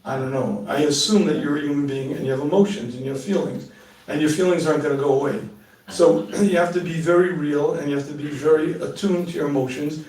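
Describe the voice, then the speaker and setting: A middle-aged rabbi answering audience questions in a live talk, animated and joking, often laughing at his own asides. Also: a little high, quick pace. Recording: echoey room, mic at a distance.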